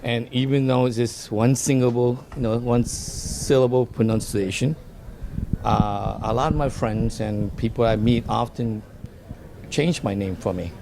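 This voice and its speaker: A man's voice: medium pitch, steady tone, a little slow, creaky, background noise. A man, a guest telling stories in a casual interview and often repeating words as he starts a sentence. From Vietnam. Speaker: dental office design guest.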